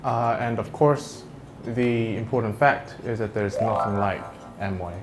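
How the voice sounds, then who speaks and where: A man from New Zealand answering interview questions in a relaxed way, often repeating words as he looks for how to say things. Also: on the low side, measured pace, music in the background. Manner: hesitant, repeats words while searching for phrasing. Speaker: interview guest.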